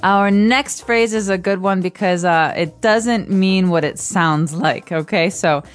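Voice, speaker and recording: A woman's voice: mid-range voice, measured pace. Woman co-hosting an English lesson podcast. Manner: friendly, explains with everyday examples. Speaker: co-host and English teacher. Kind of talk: explaining English phrases in casual chat.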